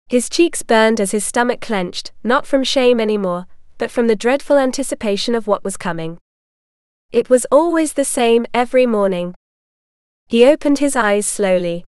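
A woman narrating an audiobook in even, measured storytelling. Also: on the high side, clear, resonant tone, dry recording, studio quality. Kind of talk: scripted narration.

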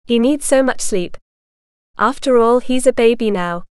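A woman reading the part of a calm, self-assured woman who answers in a matter-of-fact way. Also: a little high, unhurried, clear, resonant tone, no room sound, studio quality, close to an everyday voice.

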